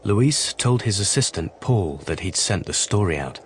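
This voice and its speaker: A man giving scripted documentary narration in a measured, even storytelling manner. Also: fairly low pitch, slight background noise. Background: music.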